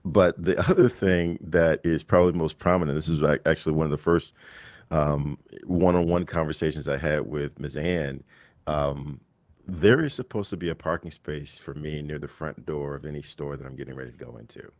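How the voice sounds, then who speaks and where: A man with an extremely deep voice tells a casual, self-mocking story on a live online panel. He is wry and amused and uses a lot of fillers. The sound is dry and close, with no room echo. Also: fairly even intonation, moderate pace, a little mellow. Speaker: mastermind panel member.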